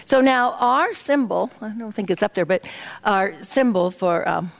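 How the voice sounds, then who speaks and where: A woman's voice: mid-range voice, expressive, measured pace, creaky. A woman minister giving a sermon in a community center hall, leading the congregation through a guided meditation and spoken affirmations. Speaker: guest minister.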